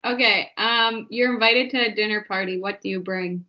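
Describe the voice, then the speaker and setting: A woman's voice: medium pitch, moderate pace. A woman in her twenties hosting a podcast, chatty and giggly, saying "like" often. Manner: giggly, chatty, says "like" a lot. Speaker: podcast host. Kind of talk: casual chat. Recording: dull lo-fi podcast audio.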